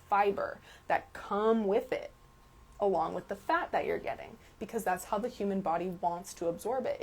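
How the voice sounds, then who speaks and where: A woman's voice: medium pitch, slightly rough. Emphatic woman answering live questions. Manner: emphatic, repeats key words, asks rhetorical check-ins. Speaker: detox health coach answering viewer questions. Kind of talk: live stream Q&A.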